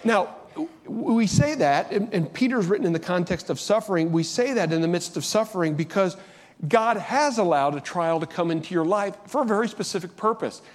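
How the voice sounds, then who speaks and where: A man's voice: high-pitched, expressive, a little fast. A middle-aged man preaching a sermon as pastor, earnest and conversational, often restarting his sentences.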